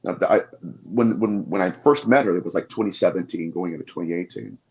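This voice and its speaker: Deep-voiced man telling stories, muffled. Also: brisk, a little mellow. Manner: passionate storytelling. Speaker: guest demonologist. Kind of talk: podcast interview anecdotes. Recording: dull lo-fi audio.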